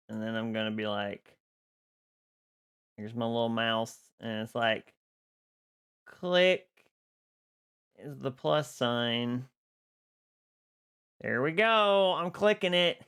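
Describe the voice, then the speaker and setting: Bubbly live streamer chatting with chat on a boom mic, laughs a lot, unhurried delivery. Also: a bit bright, clean tone. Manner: bubbly, greets chat by name, laughs often.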